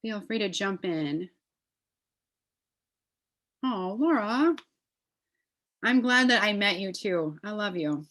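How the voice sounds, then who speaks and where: A woman's voice: medium pitch, expressive, takes it slowly, long pauses, fairly bright tone. Woman, presenter, enthusiastic, chatty, casual, computer mic. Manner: enthusiastic, chatty, many fillers. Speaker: essential oils presenter. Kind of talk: live online class.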